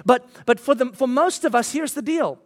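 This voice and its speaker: A man in his thirties, a pastor, preaching a sermon and telling a lively personal story, acting out his own lines. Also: extremely high pitch, moderate pace.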